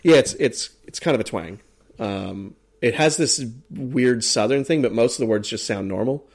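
A man's voice: mid-range voice, normal speed, husky. An American man co-hosting a casual chat, rambling with lots of fillers and restarts. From United States. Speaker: podcast co-host. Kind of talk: casual chat ranking accents.

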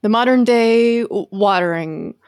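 A woman's voice: medium pitch, a little slow, dry recording. Playful young woman podcast host. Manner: playful, swears casually, reads a spooky tale in a hushed voice. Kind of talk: casual chat, reading a story aloud.

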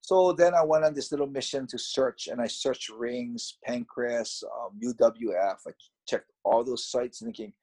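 A man casually recounting how he started fighting, in a reflective, halting, conversational way. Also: medium pitch, a little mellow. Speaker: former fighter recounting his career. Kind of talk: casual storytelling.

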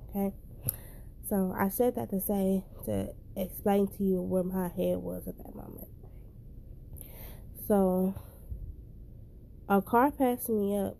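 Young woman, casual storytime vlog, blunt profane talk, emotional, mellow dark tone. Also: mid-range voice, a little hiss or hum.

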